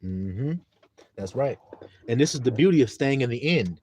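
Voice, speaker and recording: A man preaching informally on a live stream, animated and profane, breaking into shouts and acting out voices. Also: medium pitch, moderate pace, a little hiss or hum. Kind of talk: informal street-style preaching.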